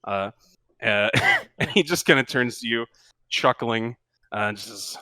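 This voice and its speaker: A man narrating a tabletop game as game master, in a relaxed and rambling way with many fillers. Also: mid-range voice, a little slow, clear, resonant tone, dry recording.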